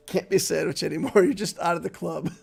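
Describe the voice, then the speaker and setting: A man's voice: on the high side, fairly even intonation, brisk, vocal fry, breathy edge, faint music behind. A man giving casual live-stream commentary on a game, chatting playfully with viewers and laughing easily. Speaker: gaming streamer.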